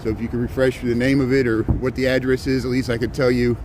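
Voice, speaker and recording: A man's voice: medium pitch, flat delivery, fast, a little mellow, a little hiss or hum, poor audio. Chatty man on a street walk. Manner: rambling, chatty, greets and answers viewers. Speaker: vlogger giving a city walking tour. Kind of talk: casual walking livestream chat. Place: outdoors on a cold, windy city street.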